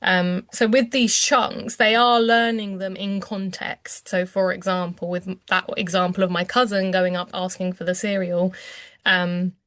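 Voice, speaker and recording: A woman's voice: mid-range voice, little pitch movement, unhurried, fairly bright tone, dry recording. A woman, a clinician explaining language development as an interview guest, hesitant with many ums and restarts. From England.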